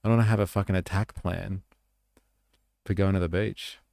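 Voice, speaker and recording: Australian man, very low voice, gravelly, dry close sound, rambling stream talk, swears. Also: fairly even intonation, a little fast, darkish tone, no room sound. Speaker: livestream host. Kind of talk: casual commentary stream.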